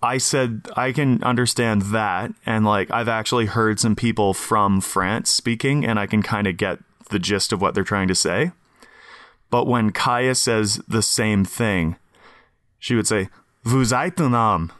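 A man's voice: on the low side, fairly even intonation, fairly bright tone, dry recording, studio quality. A man from Canada co-hosting a podcast in casual, jokey chat, laughing often. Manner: chatty, jokey, quick to laugh. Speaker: podcast co-host.

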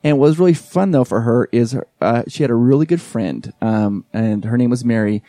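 A man in his forties, a podcast guest who also emcees events, tells a story in casual conversation with a mid-range voice at a moderate pace. He's an animated storyteller who acts out the quoted lines of the people involved. The recording is dry and studio quality.

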